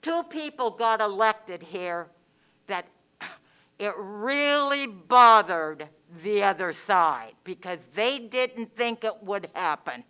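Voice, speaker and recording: A woman's voice: mid-range voice, sing-song, slow, pushed and bright, smooth. A woman giving public comment at a county meeting, angry and emphatic, repeating her points.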